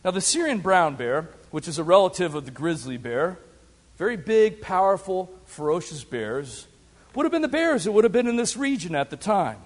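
A man preaches in a big hall, his high voice leaping and dropping with lively emphasis. Long reverb trails after each phrase. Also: fairly quick. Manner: dramatic preaching with big swings in pitch and loudness. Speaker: pastor. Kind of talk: sermon.

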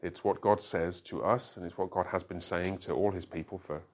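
A man's voice: sits low, steady tone, moderate pace. A middle-aged man, a pastor, teaching a church class in a conversational way and often checking that listeners follow.

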